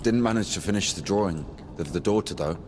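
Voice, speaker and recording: A man voicing a grim, deadpan young game hero. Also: low voice, fast talker, background noise, natural voice. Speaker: game character. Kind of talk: video game voice acting.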